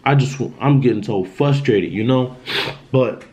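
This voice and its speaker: A man's voice: medium pitch, moderate pace, a little mellow. A man telling a dramatic story in a casual storytime vlog, in loose slang, often repeating himself. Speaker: vlogger.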